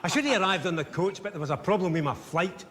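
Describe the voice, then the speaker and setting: Wink McAndrew, a cheeky Glaswegian joker. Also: male voice, high-pitched, expressive, quick pace, a bit bright. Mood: teasing. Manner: jokey, teasing, broad thick accent. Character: cheeky older Glaswegian prankster man.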